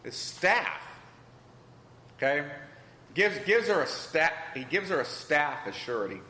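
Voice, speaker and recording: A man's voice: fairly high pitch, big pitch swings, measured pace, bright, forceful tone. A man teaching a Bible class, asking the group questions and repeating their answers. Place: church hall. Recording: echoey hall with long reverb.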